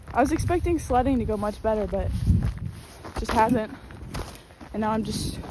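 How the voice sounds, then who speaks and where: A high-pitched woman chats her way through deep snow outside, exclamatory and self-mocking, short of breath, her voice a little rough. It is a noisy outdoor recording from a camera on a tripod, and she often wanders away from the mic. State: voice a bit rough. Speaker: vlogger. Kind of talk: casual vlog narration. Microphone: camera on a tripod, sometimes from a distance. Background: outdoor ambient noise.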